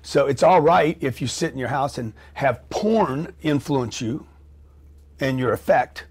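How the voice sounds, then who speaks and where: Husky, brash man. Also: medium pitch, expressive, a little slow. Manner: brash, blunt, swears freely. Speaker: guest, entrepreneur. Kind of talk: casual interview chat.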